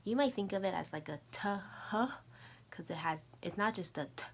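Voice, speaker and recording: A woman teaching a recorded language lesson, running slow repeat-after-me drills and dropping to soft, whispery asides between them. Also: medium pitch, animated, slight background noise. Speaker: Mandarin teacher.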